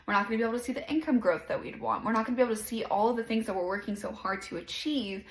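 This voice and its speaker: A woman hosting a casual self-help podcast, talking in a gentle, encouraging way and saying "like" often. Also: on the high side, rapid-fire, echoey room, rough recording. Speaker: podcast host.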